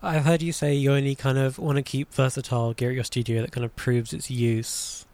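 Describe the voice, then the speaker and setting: A man's voice: medium pitch, little pitch movement, brisk, darkish tone, no room sound. A man interviewing a guest, asking questions casually and hedging with "kind of".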